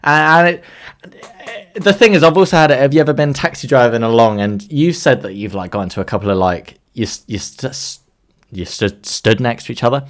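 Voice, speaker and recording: A British man chatting on a podcast with an animated storytelling manner. He swears freely and jumps into other people's voices as he recounts what happened. His voice sits at an ordinary middle pitch. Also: brisk. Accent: British English. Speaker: podcast co-host. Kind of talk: casual chat.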